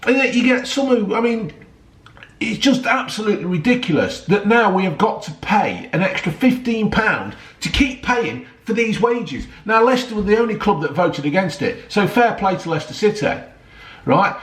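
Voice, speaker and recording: Middle-aged man for a heated, swearing football rant, somewhat high, echoey room. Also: very animated, moderate pace, a bit bright. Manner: heated, sweary, rambling, keeps asking right and yeah. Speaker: football vlogger. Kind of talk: ranting vlog.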